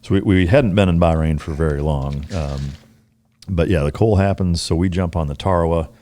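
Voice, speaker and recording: A man's voice: low-pitched, a little fast, mellow. A middle-aged man hosting a podcast, chatting casually and profanely with an old friend and recalling details of past deployments. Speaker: podcast host.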